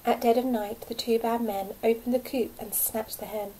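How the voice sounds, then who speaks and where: Teacher lady reading a kids story, warm soft tone, bit high, faint hiss behind. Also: moderate pace, hardly any pauses, poor audio. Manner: gentle, lively storytelling with hushed asides. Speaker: primary school teacher. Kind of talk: reading a picture book aloud to young children.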